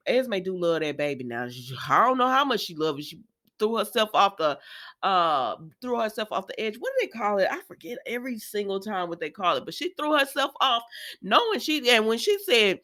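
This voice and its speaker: A woman hosting a casual, animated recap chat, talking easily and laughing often. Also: mid-range voice, brisk. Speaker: soap opera recap host.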